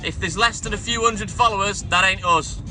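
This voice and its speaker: A bright, forceful, high-pitched man's voice comes at a moderate pace, with faint music in the background. He's a middle-aged self-employed milkman casually live-streaming his night delivery round, greeting viewers and answering comments between stops.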